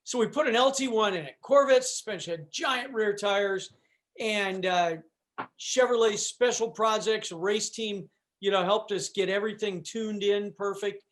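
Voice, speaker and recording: A man with a voice that sits high and a bit bright tells a long personal story as a guest on a chat show, at a measured pace. He rambles loosely, restarting sentences, throwing in asides, and saying "you know" a lot in this casual storytelling.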